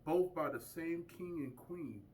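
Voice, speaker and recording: A man's voice: on the high side, unhurried, darkish tone, recorded from a distance, slight background noise, rough recording. A man giving an informal lecture to a small group, emphatic and full of rhetorical questions. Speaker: community speaker teaching a group.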